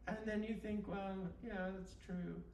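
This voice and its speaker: Woman, deadpan, rambling, absurdist guided meditation, live event, distant mic, roomy echo. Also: medium pitch, unhurried, creaky. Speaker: guest performer. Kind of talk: comic improvised guided meditation and chat. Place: live event in a bookstore space. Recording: roomy and distant, faint background noise.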